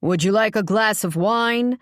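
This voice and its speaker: A woman's voice: mid-range voice, measured pace, no room sound, studio quality, voice pushed up, lightly acted. A woman narrator voicing a domineering older father who taunts his daughters in a smug, offhand way. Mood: taunting.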